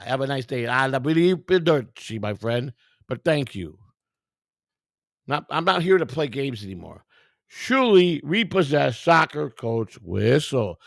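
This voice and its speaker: Gravelly, combative man answering viewer comments. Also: medium pitch, fairly bright tone, dry recording, clean studio sound. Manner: combative, profane, talks back to viewers. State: tired. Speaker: livestream host. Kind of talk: live-stream chat reading viewer comments.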